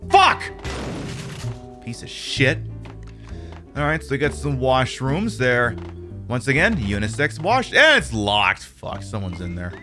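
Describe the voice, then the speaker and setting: A man streaming a game, joking and talking back at it, swinging from loud outbursts to low mumbled asides. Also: big pitch swings, takes it slowly, pauses often, music in the background. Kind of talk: casual game commentary.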